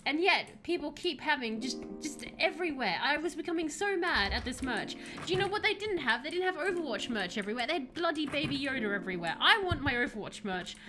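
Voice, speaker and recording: Casual live-stream chatter from a woman, high and bright, laughing a lot, soft music underneath. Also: fast talker, hardly any pauses. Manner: animated, laughs often, yelps and shrieks at scares. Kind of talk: casual gameplay commentary.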